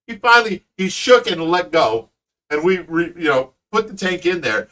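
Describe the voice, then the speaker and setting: Animated middle-aged man telling stories. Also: fairly high pitch, measured pace, long pauses, distant mic. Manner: animated storyteller, laughs often. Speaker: fish rescue owner and host. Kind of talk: casual livestream chat.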